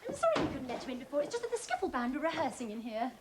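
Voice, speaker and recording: A bubbly, flustered young woman in a TV sketch, high-pitched and swooping all over with lively expression. Loud clicks rattle over the recording. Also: rapid-fire, background noise. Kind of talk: TV sketch comedy acting.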